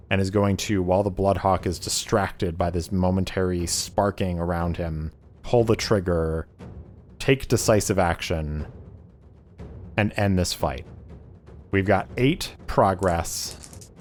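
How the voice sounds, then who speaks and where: A man narrating a solo tabletop game as game master and reading rules aloud in a measured way. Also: low-pitched, a little mellow, faint music behind.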